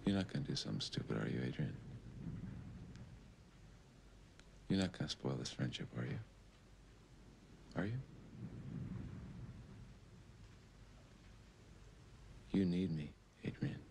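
A man's voice: low voice, animated, unhurried, gravelly, a little hiss or hum, heavily acted. An actor playing an unstable, intense young man in a film drama, pleading one moment and lashing out the next. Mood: menacing. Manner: pleading, volatile, sudden angry outbursts.

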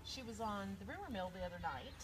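A woman's voice: mid-range voice, big pitch swings, fast, noisy background. A woman author hosting a casual live-stream chat from her home, chatty and greeting viewers by name. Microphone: phone or laptop streaming live.

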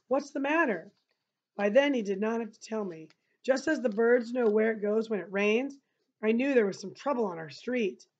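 Woman teacher reading a novel aloud and stopping to explain; fairly high voice, muffled recording. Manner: breaks off the reading to explain to listeners. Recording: dull lo-fi recording.

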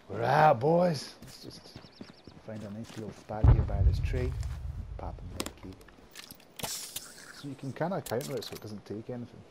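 Gamer man, lively swinging pitch, trash-talking commentary over loud game noise. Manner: excitable, swearing, teasing banter. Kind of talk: live gameplay commentary.

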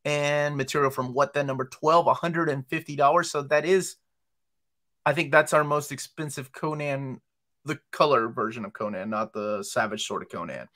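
Bright-voiced man reading listings. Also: mid-range voice, moderate pace. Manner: reads listings aloud, hesitant fillers. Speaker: podcast host. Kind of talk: casual chat about comic releases.

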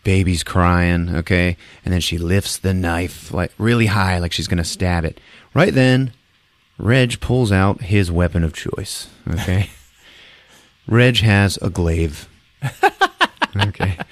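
A man hosting a podcast, retelling a movie in a jokey, laughing, animated way. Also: low-pitched, slow, no room sound. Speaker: podcast host. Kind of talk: casual movie recap.

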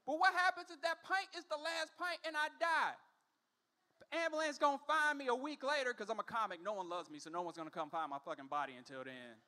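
A man's voice: very high-pitched, fairly quick, pushed and bright. A man in his forties performing a stand-up comedy set on a comedy club stage, telling stories animatedly and acting out other people's voices. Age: 40s.

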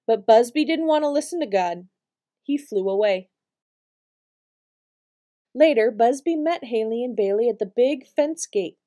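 A woman reading a picture book aloud to preschool children, with expressive storytelling. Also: a little high, unhurried, long pauses. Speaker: storytime reader.

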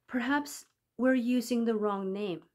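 A smooth, honeyed teacher figure who keeps her voice soft and reasonable while steering the children, voiced by a woman reading a story. Her tone stays even and sure of herself. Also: a little high, a little slow, lightly acted. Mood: coaxing. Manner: sweet, coaxing, persuasive. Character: smooth-talking manipulative young female teacher.

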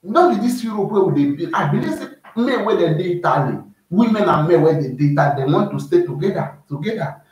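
A man from Nigeria talks in a high voice with a Nigerian Pidgin accent, lecturing in a casual, repetitive way. He keeps checking that his listeners are with him. His voice rings through a very echoey room, well away from the mic. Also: animated, fast talker, hardly any pauses, darkish tone, distant mic. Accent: Nigerian Pidgin English. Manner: preachy, repeats himself, keeps asking "you dey hear me". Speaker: YouTube vlogger giving advice. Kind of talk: casual advice monologue.

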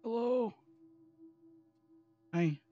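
A man's voice: very high-pitched, animated, extremely slow, highs cut off, faint music behind. A man hosting a horror game let's play, yelping at scares and grumbling about the controls. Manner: jumpy, yelps and screams at scares, self-mocking complaints. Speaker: gaming channel host.

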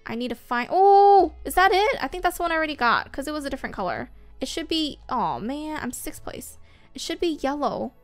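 A woman hosting a gaming video, giving excitable, casual commentary while she plays, with frequent squeals and whoops. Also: high-pitched. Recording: faint game music behind.

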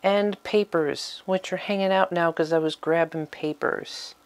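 Slow, low-voiced woman giving a craft room tour. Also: steady tone. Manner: chatty, with fillers and little laughs. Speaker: vlogger giving a studio tour. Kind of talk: casual tour talk. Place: small home craft room.

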